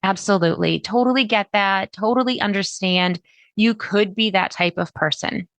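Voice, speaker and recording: A woman hosting a solo podcast, talking in a chatty, animated way with sudden jumps in pitch. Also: normal speed, no room sound. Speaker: podcast host.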